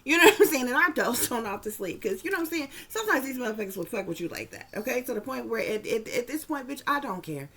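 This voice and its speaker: A woman's voice: on the high side, sing-song, quick pace, few pauses, a bit bright. A woman doing a psychic reading for viewers in a blunt, profane, rambling casual talk. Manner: blunt, profane, rambling, repeats "you know what I'm saying". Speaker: psychic reader.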